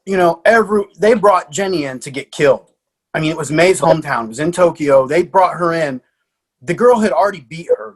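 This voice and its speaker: A man, a martial arts coach, telling lively stories in a podcast interview with fillers and laughs. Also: fairly high pitch. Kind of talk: animated storytelling in a podcast interview.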